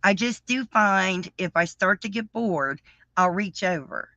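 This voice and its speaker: Woman in her fifties, chatty and excitable, bright forceful voice, dry dull lo-fi stream sound. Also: medium pitch, unhurried, dry recording. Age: 50s. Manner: chatty, excitable, repeats herself. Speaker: livestream host. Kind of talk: casual live chat. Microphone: livestream setup.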